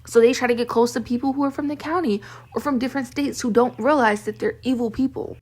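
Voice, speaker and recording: Husky young woman ranting. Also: on the high side, steady tone, quick pace, a little mellow. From Baltimore, Maryland. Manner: heated, profane, venting. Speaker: vlogger. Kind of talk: ranting monologue to camera.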